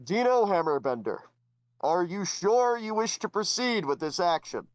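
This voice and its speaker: A man voicing a formal, ceremonial male head god who speaks in stately, drawn-out pronouncements. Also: sits high, sing-song, no room sound, voice pushed up. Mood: solemn.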